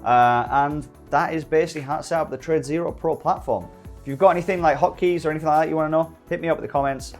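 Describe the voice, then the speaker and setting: A middle-aged British man giving a relaxed software walkthrough tutorial, full of joking, rambling asides. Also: on the high side, quick pace, soft background music. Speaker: day-trading YouTuber. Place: home desk early morning.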